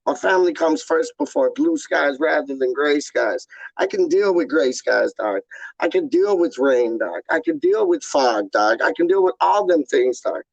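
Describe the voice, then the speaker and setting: Slangy man a gravelly voice. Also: on the high side, normal speed, no echo, dull audio. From London, England. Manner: slangy, repeats "dog" and "man" at line ends; rambling, animated. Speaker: YouTube channel host. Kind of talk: casual live chat with viewers.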